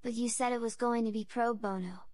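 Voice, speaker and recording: A woman voicing a cheeky young boy who answers his dad in a sassy, deadpan way. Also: fairly high pitch, brisk, dry recording, clean studio sound, close to an everyday voice.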